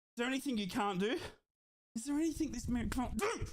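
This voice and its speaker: A young man from Australia who streams football watchalongs, shouting in delight and calling the play-by-play while out of breath. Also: very high-pitched, animated. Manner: euphoric fan shouting and yelling over goals, then rapid play-by-play. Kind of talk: excited live match commentary for a watchalong stream.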